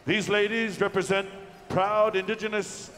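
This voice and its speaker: A man working as pow wow announcer, calling out names slowly and drawing them out over a microphone in a large indoor arena. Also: high-pitched, flat delivery, fairly bright tone, a little hiss or hum. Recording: echoey arena PA from far off.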